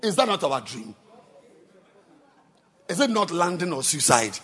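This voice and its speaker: A man preaching a sermon. He swings between soft asides and loud exhortation. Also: fairly high pitch, sing-song, unhurried, some chatter behind. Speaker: pastor.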